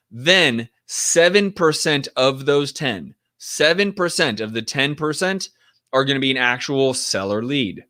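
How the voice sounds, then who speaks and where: A man's voice: medium pitch, a bit bright. A man teaching in a casual, direct way, often acting out sample phone calls to show what to say. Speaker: real estate investing coach.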